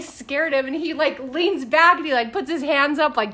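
Woman in her 30s chatting on a podcast, kinda high voice, gets really animated acting out quotes. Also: a little fast, few pauses. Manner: animated storyteller, acts out quotes. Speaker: podcast co-host. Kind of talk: casual chat.

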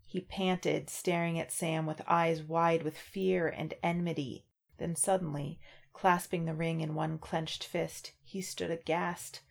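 On a relaxed book podcast, this co-host chats and reads passages aloud evenly. Her voice sits low, creaky and unhurried.

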